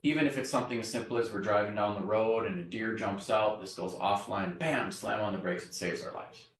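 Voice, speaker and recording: A man with a lowish voice lectures a university class at a brisk pace, explaining things step by step and frequently asking the students "right?". The classroom is echoey, the mic sits far away, and there's slight background noise.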